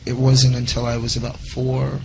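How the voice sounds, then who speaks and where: A man's voice: mid-range voice, completely flat delivery, moderate pace, gravelly, background noise. A man from Louisiana with a light Louisiana accent, talking as a guest in an easygoing, humble way. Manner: humble, easygoing, laughing softly. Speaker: guest singer. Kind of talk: casual interview talk.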